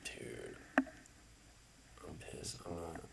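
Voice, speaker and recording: A man muttering his way through a live trading session, frustrated, swearing and often half-whispering. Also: extremely slow. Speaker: trader streaming his own trading session.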